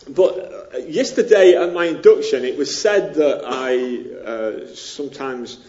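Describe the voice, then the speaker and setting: Chatty preacher with a northern English accent. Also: male voice, medium pitch, dark tone, lo-fi sound. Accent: northern English, near Liverpool. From northern England. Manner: self-deprecating, chatty, many ums. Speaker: pastor. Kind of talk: sermon.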